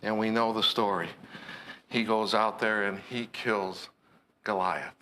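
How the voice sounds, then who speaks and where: A male preacher tells a scripture story slowly and with care, his voice bright and forceful. He keeps it earnest and conversational, with a faint hiss of noise behind him. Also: on the low side, fairly even intonation. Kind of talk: sermon retelling a scripture story.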